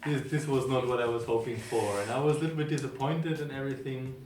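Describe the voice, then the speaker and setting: A young man from Germany tells his side of a story in a calm, halting way, with plenty of ums and restarts. His voice sits at a middling pitch and is picked up from a distance. The room gives an echo, with soft music underneath. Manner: halting, many fillers, plain and calm delivery. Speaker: vlogger telling how the couple met. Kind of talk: casual storytelling.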